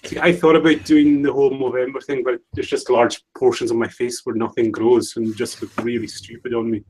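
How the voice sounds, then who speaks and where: A man's voice: mid-range voice, flat delivery, brisk, darkish tone, slight background noise, low-quality recording. A man hosting a casual livestream chat, talking in a rambling, chatty way. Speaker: livestream host.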